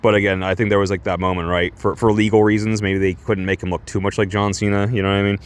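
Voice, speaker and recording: A man's voice: fairly low pitch, flat delivery, fast, smooth. A man casually reviewing a comic book in a rambling, crude, chatty way, laughing often and correcting himself as he goes.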